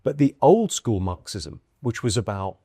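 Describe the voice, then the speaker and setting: A man's voice: fairly low pitch, sing-song, normal speed, dark tone, slightly rough, dry recording. A man from the United Kingdom, a comedian guest in a casual conversation, musing aloud with dry wit and many restarts. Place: indoor room in London.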